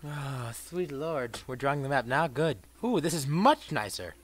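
Foul-mouthed gamer swinging to shouts. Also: male voice, mid-range voice, very animated, a little slow. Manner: profane, erupts into shouted insults at enemies; mutters dry asides between outbursts. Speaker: let's play gamer. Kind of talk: gameplay commentary.

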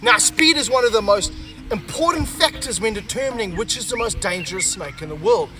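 A man presenting a wildlife vlog while handling snakes, out of breath and excited. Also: sits high, fairly quick. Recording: music bed under the voice.

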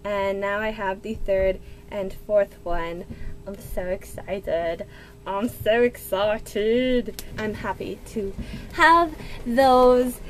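A woman in her twenties, gushing and excitable in a casual unboxing vlog at home, with gasps and squeals. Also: medium pitch, slight background noise. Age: 20s. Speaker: book vlogger.

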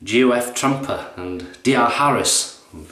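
A man's voice: mid-range voice, moderate pace, fairly bright tone, natural voice. A man voicing a deferential butler who answers formally and hesitantly, in an echoey bathroom. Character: deferential middle-aged male butler. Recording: echoey room.

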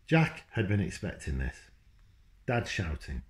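A man's voice: sits low, animated, a little slow, darkish tone. A man, a children's author, reading his book aloud at home and stopping now and then to talk to his dog. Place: at home, indoors. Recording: roomy echo.

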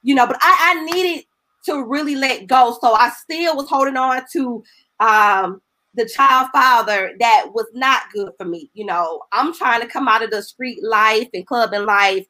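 A woman's voice: a little high, measured pace, bright, forceful tone. A woman evangelist, a guest on the show, telling her personal testimony in an earnest, emotional, colloquial storytelling way.

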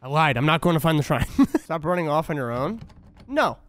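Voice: mid-range voice, sing-song, fairly quick. A streamer chatting casually on stream, laughing often and swearing playfully. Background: faint lo-fi music.

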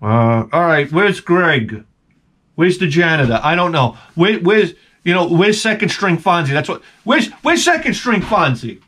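A man voicing a harried, bossy show director who barks out quick questions. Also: fairly high pitch, very animated, a bit bright, pitched above the performer's own voice, heavily acted.

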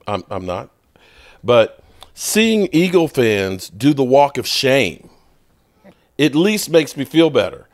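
A man's voice: medium pitch, dry recording. Guy teasing his buddies on a sports show, bouncy voice, dry sound. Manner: teasing, amused. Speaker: panelist. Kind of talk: sports talk chat.

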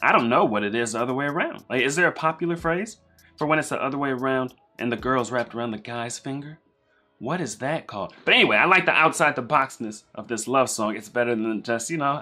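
A man hosting a live-stream reaction, chatting casually and thinking out loud in a rambling way. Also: mid-range voice, lively intonation, brisk.

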